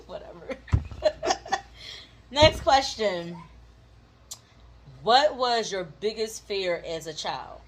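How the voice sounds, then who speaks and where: A woman tells a childhood story in a loose, animated way, often laughing and filling her talk with "like". Her voice sits at an everyday pitch for a woman. She sounds like a co-host chatting with her partner. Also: very slow, pauses often, a little hiss or hum. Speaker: co-host of a couples channel. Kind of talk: casual storytelling chat.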